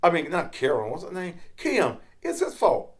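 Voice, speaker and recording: A man's voice: a little high, wildly swooping pitch, normal speed. A man with a Memphis Southern accent hosting his own show, talking brashly and profanely in unscripted commentary. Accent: Memphis Southern American. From North Memphis, USA.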